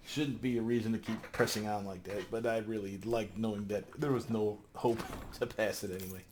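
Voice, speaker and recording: A man's voice: lowish voice, moderate pace, faint music behind. A man doing gameplay commentary, exasperated and swearing as he pleads with game characters. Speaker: let's play host.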